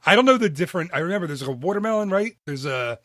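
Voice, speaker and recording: A man hosting a casual podcast chat into a studio microphone, animated and laughing often. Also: fairly high pitch, rapid-fire, dry recording. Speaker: podcast host.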